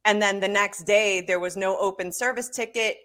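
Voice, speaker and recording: A woman's voice: medium pitch, fairly even intonation, moderate pace, a bit bright. Firm indignant woman co-hosting talk. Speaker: co-host. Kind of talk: political talk show discussion.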